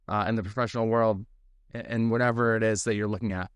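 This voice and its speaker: Smooth-voiced man, relaxed interview guest. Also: lowish voice, fast talker, dry recording. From New Jersey. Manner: relaxed, many fillers. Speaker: guest, tech leader. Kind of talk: casual interview chat. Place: home office on a video call.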